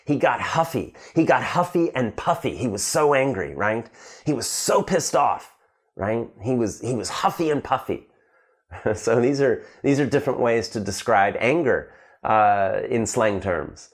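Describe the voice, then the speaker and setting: A man's voice: on the low side, lively intonation, measured pace. A man teaching English slang to learners, acting out short example lines and often checking in with "right?". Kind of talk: slang lesson to camera.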